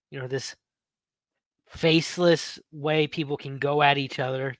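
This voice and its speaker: Man, 30s, podcast host, casual storytelling, animated, swears, bright voice, dry sound. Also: a little high, dry recording. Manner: animated, swears freely, laughs often.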